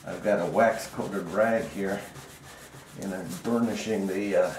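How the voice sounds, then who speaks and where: A man narrating his wood finishing work in a casual, unhurried way, hesitating now and then and a little out of breath from the rubbing. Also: low voice, darkish tone. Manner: unhurried, plain-spoken, hesitant with fillers. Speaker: woodworker demonstrating finishing. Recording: echoey room, faint noise.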